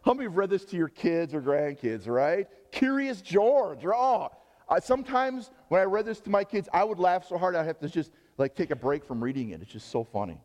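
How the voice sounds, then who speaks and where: A man's voice: sits high, sing-song, brisk, a little mellow, long reverb tail. A middle-aged male pastor preaching a sermon, joking and quizzing his congregation.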